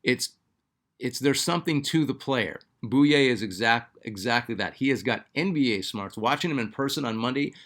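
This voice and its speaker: A man's voice: mid-range voice, expressive, moderate pace, a bit bright. A man hosting a basketball fan channel, chatting casually and reading out viewer comments, with lots of fillers and restarts. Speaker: sports channel host.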